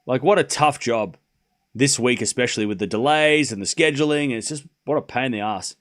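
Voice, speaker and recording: A man with a medium-pitched, slightly bright voice talks fairly quickly as he hosts a live tennis watchalong stream. He calls the scores casually, filling the gaps with chatty, laughing asides and plenty of swearing.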